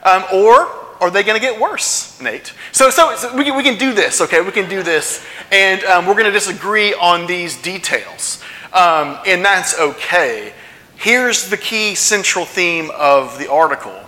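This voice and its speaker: Pastor preaching in a reverberant hall. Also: male voice, on the high side, pushed and bright. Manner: conversational, asks the congregation questions. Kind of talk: sermon. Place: church sanctuary. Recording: long church hall reverb.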